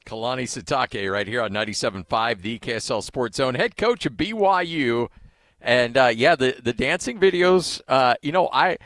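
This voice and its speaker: A man's voice: medium pitch, moderate pace, a bit bright, no room sound. A man co-hosting a sports radio show, upbeat and conversational.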